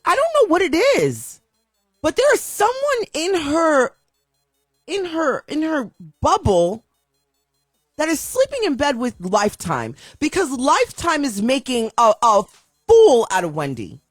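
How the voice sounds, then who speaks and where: A woman's voice: high-pitched, huge pitch swings, unhurried, no room sound, clean studio sound, soft background music. A woman ranting in an emotional opinion vlog, upset and repeating herself with frequent restarts. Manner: impassioned, repetitive ranting with many restarts. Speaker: video commentator.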